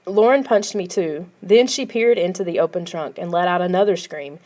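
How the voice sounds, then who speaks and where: A woman narrating a children's storybook in a quiet, even way. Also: fairly low pitch, moderate pace. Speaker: audiobook reader.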